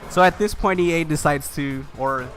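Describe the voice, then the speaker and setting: A man's voice: fairly high pitch, normal speed, fairly bright tone, soft background music. A man telling a long frustrated story in casual chat, full of "you know" and "like" fillers. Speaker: commentator.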